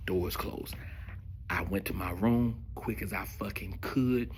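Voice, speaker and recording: A man telling a profane stand-up comedy story, swinging between loud bursts and hushed asides. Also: deep voice, slow, slight background noise. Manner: profane, animated storytelling with sudden volume drops.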